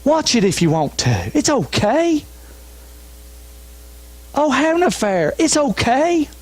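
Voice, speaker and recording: A man voicing a smooth-talking male voice of temptation that soothes and wheedles. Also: very high-pitched, very animated, slow, pitched above the performer's own voice, full character voice. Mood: coaxing.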